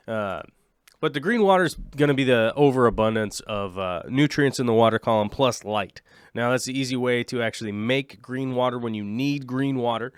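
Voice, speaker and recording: A man's voice: mid-range voice, moderate pace, clear, resonant tone, no room sound, studio quality. A man in his late thirties hosting a casual aquarium livestream, rambling and joking with his viewers. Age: late 30s. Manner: rambling, jokey, chats with viewers.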